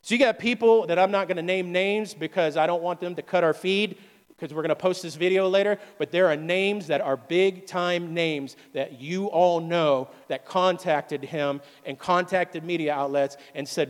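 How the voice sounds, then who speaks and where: A man's voice: high-pitched, moderate pace. A man preaching a sermon as pastor, calling out questions to the congregation and urging them on. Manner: call-and-response preaching, asks the congregation questions. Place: church sanctuary. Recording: long hall reverb with faint music.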